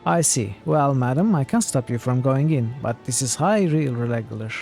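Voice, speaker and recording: A man's voice: mid-range voice, expressive, normal speed, darkish tone, faint music behind, natural voice. Guy reading as a stiff polite doorman, very proper and sorry about it. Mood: stiffly polite. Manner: formal, apologetic. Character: polite stuffy male doorman of a gentlemen's club.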